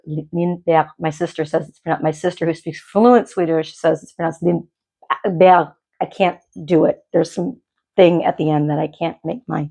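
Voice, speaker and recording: A woman with a gravelly voice, pitched a little low, hosts a knitting podcast from her home dye studio. She chats in a loose, rambling way and often stops and restarts her sentences. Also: darkish tone. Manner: chatty and rambling, with frequent restarts. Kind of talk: casual chat.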